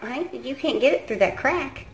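With a high-pitched, animated voice at normal speed, a parrot owner chats casually to her bird while music plays behind her. Her remarks are sing-song and exasperated as she alternately coaxes and scolds it in a baby voice.

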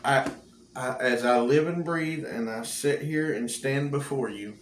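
A man's voice: medium pitch, measured pace. A man, a cowboy church preacher telling a folksy testimony with frequent laughs. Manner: folksy storyteller, laughs often. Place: church room. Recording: echoey room with faint hum.

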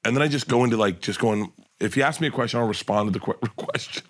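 A male comedian guest in a casual podcast chat, telling animated, rambling anecdotes full of restarts and laughs. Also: medium pitch, fast talker.

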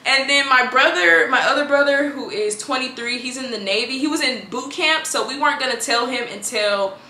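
A young woman tells her own story straight to camera. She talks in a chatty, animated way and acts out what her family said. Her voice sits a little high and sounds bright and forceful, with a roomy echo around it. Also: brisk, a little hiss or hum. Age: 20s. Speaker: vlogger. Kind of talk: casual storytelling vlog.

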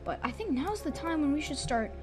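A woman YouTuber giving chatty, excitable gameplay commentary that rambles as she plays. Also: high voice, brisk. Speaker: gaming YouTuber. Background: background music.

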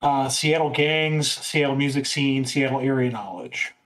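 A man's voice: mid-range voice, measured pace, a bit bright. A man playing a tabletop game at a live convention, talking casually and thinking aloud through his moves. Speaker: player.

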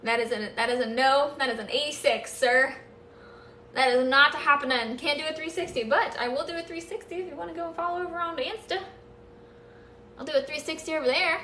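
Bright high-voiced woman live-streaming, echoey room. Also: a little fast, distant mic, slight background noise. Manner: chatty, thanking viewers, playful nervous laughs. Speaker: livestream host. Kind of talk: casual live-stream chat with viewers.

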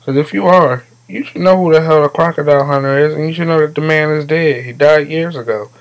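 A man's voice: on the high side, brisk, rough recording. A man hosting a comedic commentary monologue, blunt and mocking, cursing freely as he rants. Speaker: host.

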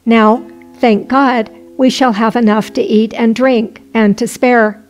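A woman's voice: a little high, fairly even intonation. A woman reading the lines of a poor, simple, hot-tempered peasant man in old-fashioned formal speech. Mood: hopeful. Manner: measured, archaic formal speech. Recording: faint music underneath.

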